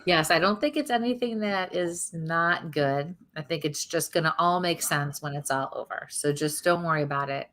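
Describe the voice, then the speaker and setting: A woman co-hosting a live call-in show as a psychic medium, relaying spirit messages in a calm, reassuring way. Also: low voice, moderate pace, few pauses.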